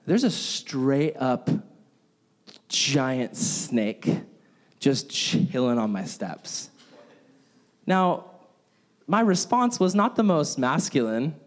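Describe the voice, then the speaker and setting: A young man preaching a casual, conversational sermon and telling stories, animated and acting out his own reactions. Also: mid-range voice, very slow, pauses often. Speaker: pastor. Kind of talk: sermon with personal storytelling.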